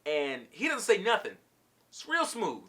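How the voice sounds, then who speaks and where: A man recapping a cartoon episode for his vlog in a loose, slangy storytelling style. His voice sits a touch high and bright, with lively swings in pitch. He talks like he's chatting with friends. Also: measured pace.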